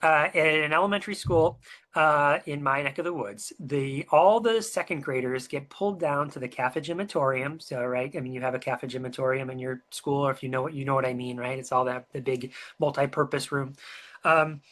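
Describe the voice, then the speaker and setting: A webinar co-presenter telling a story in a casual, chatty way, filling pauses with um and uh and asking the listener questions. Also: mid-range voice. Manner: chatty and animated, many um and uh fillers, asks the listener questions.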